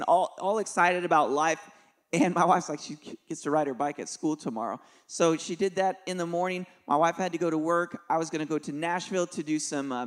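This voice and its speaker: Middle-aged male pastor, slightly high voice, relaxed storytelling sermon with light jokes. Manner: conversational and joking, with soft dips for emphasis.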